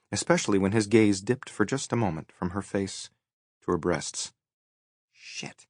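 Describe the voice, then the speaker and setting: A man narrating a romance audiobook in a soft, measured, intimate way. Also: low-pitched, no room sound, clean studio sound. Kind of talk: scripted narration.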